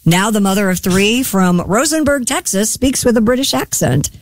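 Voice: medium pitch, animated, normal speed, no room sound. Dry-sounding radio news reader. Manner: reads headlines then chats. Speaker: news segment reader on a show. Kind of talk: reading news items in casual banter.

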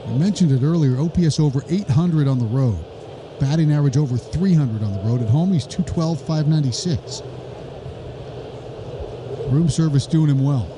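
A man calling a live baseball game play-by-play, brisk with wry joking asides and rising excitement on big plays. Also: on the high side, background noise. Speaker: play-by-play announcer.

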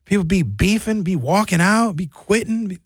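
A man hosting a radio talk show, telling lively stories with impressions. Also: sits high, normal speed, husky, dry recording, studio quality. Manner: animated storyteller, slips into impressions. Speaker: radio host. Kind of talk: lively casual radio banter.

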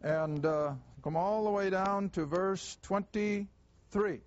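A man teaching a Bible class, reading verses slowly and deliberately and stressing key words. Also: sits high, no room sound, muffled recording.

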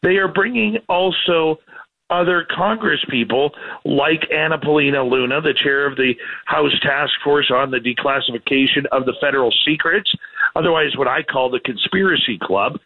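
Gravelly man on a tinny phone line. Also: a little high. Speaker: news contributor. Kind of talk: news rundown on talk radio.

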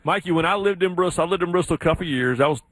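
Southern sports radio host, animated storyteller, dry studio sound. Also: male voice, racing, dry recording. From South Carolina. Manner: animated storyteller, mimics others in high voices. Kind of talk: casual sports radio chat.

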